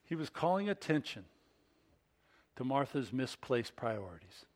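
A male pastor delivering a sermon and acting out scripture scenes with lots of expression. He speaks slowly, and his pitch rises and falls widely. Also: big pitch swings, darkish tone.

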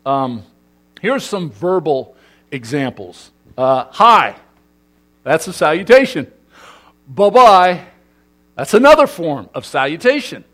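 Speaking a little slowly in a fairly high, sing-song voice, a middle-aged Southern Californian man addresses a congregation. He keeps it lively and playful, asking the crowd questions and trading jokes with them.

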